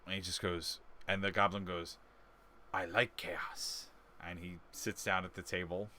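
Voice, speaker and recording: Guy running a tabletop game, bright voice, rambly with lots of ums and chuckles. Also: low voice, level tone, normal speed, slight background noise. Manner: rambling, with frequent fillers and laughs. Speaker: game master.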